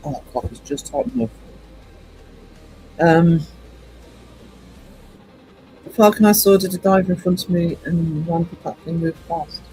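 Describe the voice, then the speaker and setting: High-voiced man chatting on stream. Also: a little slow, long pauses, darkish tone, faint music behind, low-quality recording. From United Kingdom. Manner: rambling, chatty, greets chat by name, many ums. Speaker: livestream host. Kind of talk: casual live-stream chat with viewers.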